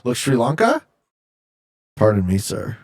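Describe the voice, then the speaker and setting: A male streamer from Canada chatting casually with his viewers while he plays. His voice is gravelly and a little husky, and his pitch swings up and down a lot. He reads chat messages out loud and cracks jokes in reply. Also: huge pitch swings, measured pace. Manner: jokey, reads viewer chat aloud and answers.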